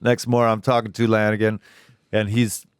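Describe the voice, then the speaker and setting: A man's voice: lowish voice, level tone, normal speed, clear, resonant tone, no room sound. A middle-aged man, a musician guest in a studio interview, telling laughing anecdotes and acting out quoted voices. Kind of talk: casual storytelling interview. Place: recording studio.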